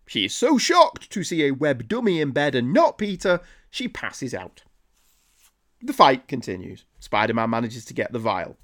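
A man recapping an old comic with sarcastic, incredulous commentary. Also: fairly bright tone. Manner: sarcastic, incredulous, jumps high in pitch when ranting. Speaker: comic book reviewer.

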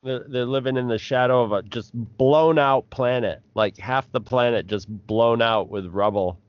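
A man co-hosting a podcast, chatting casually and rambling, with halting restarts. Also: medium pitch, clear, resonant tone, no room sound, muffled recording. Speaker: podcast co-host. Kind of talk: casual chat.

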